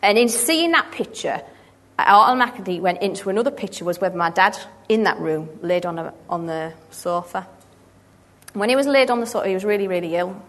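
A woman in her thirties giving a personal testimony at church, earnest and halting, with frequent restarts. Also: mid-range voice, a bit bright.

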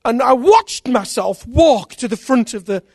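A man with a very high-pitched voice speaks unhurriedly in a dry, clean studio recording. Preaching, he animatedly tells conversion stories, acting out those in them and repeating phrases.

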